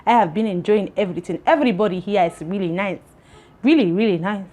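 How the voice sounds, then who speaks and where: A woman's voice: medium pitch, quick pace, darkish tone, natural voice. A woman trying a put-on East African accent. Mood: playful. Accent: attempted East African accent.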